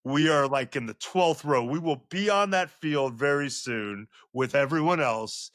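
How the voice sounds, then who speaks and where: Middle-aged male guest, animated storyteller, voice jumps up at big moments, dry podcast mic. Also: unhurried, no room sound. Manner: excitable, voice climbs high when reliving moments. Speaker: guest, sports journalist.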